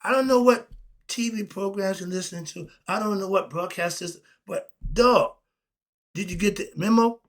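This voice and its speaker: A man with a slightly high voice delivers an unscripted solo rant. He fires off rhetorical questions, laughs between points and swings from loud bursts to low mutters. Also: moderate pace. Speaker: commentary channel host.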